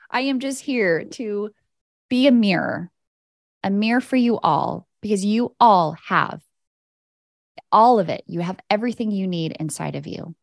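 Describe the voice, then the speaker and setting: A woman's voice: medium pitch, animated, unhurried, gravelly, pauses often, no echo, clean studio sound. A woman hosting a spiritual coaching podcast, talking listeners through inner-child work in a soothing, direct, casual way. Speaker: podcast host and energy coach. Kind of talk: guided spiritual coaching talk.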